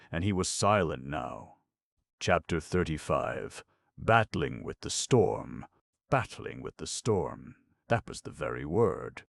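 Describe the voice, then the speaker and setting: A man narrating an old melodrama novel as an audiobook, in a measured, dramatic way. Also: a bass voice, vocal fry, dry recording.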